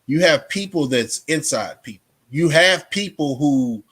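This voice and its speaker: A man from Texas with a fairly high-pitched voice talks straight to his viewers on a livestream. He rambles in a loose, unscripted way, leaning on streetwise slang, fillers and restarts. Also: expressive, measured pace, fairly bright tone. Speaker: livestream host. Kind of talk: casual rambling monologue to viewers.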